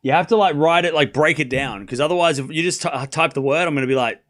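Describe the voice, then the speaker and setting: A man with an Australian accent and a fairly high voice runs a casual live tennis stream. He banters playfully with his chat, repeats player names over and over to get them right, and slips into quick play-by-play calls. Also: a bit bright.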